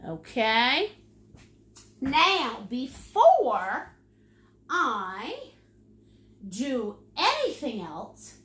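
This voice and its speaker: High-pitched lady painting teacher, chatty, playful, super lively voice, takes her time. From United States. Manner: chatty, playful, sing-song asides. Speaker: painting instructor. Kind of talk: live-streamed painting lesson.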